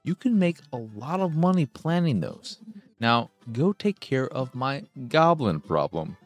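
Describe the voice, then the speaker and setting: A man voicing a gruff, impatient farmer with a goblin problem, blunt and no-nonsense. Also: medium pitch, very animated, a little slow, soft background music.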